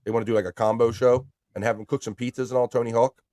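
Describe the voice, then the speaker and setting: A man's voice: mid-range voice, level tone, fast, mellow, no echo, studio quality. A man hosting a live stream in casual chat, reading viewer messages aloud in an upbeat, chatty way.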